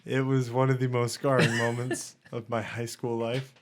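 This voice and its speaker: Animated young man telling stories. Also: medium pitch, normal speed, slight background noise. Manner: animated storytelling, laughing. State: high. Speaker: podcast co-host. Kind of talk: casual chat.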